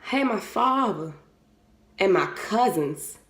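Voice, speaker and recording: A woman's voice: mid-range voice, lively intonation, takes it slowly, fairly bright tone. A young woman talking candidly and bluntly to her viewers, swearing freely and speaking from the heart. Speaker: vlogger. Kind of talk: candid motivational talk to camera. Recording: roomy echo.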